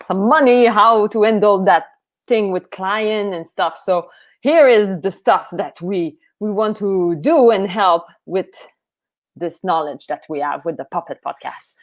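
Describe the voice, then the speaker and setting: A woman with a French Canadian accent hosting a live-streamed puppetry podcast, effusive and eager, with halting restarts. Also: mid-range voice. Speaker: podcast host.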